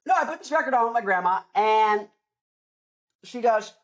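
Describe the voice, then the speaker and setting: A man's voice: high voice, expressive, fast. Rowdy young man ranting about music. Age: young adult. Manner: loud, joking, crude, rambling. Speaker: rock show host. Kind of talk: rambling comedic music talk.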